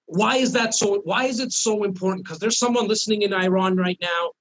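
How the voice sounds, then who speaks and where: A man's voice: high voice, a little fast, fairly bright tone, rough recording. A man hosting a podcast, chatting with admiration and a few fillers. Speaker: podcast host. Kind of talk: casual interview.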